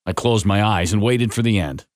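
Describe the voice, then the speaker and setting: Low-voiced man reading a story. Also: normal speed, no echo, studio quality. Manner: gentle, reflective, expressive. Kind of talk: scripted story narration.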